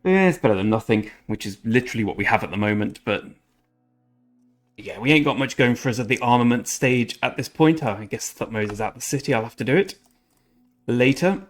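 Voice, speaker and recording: A man's voice: mid-range voice, animated, fairly quick, soft background music. A man rambling through casual commentary over his strategy game, often correcting himself mid-sentence. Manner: chatty, rambling, self-correcting. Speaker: gaming channel host.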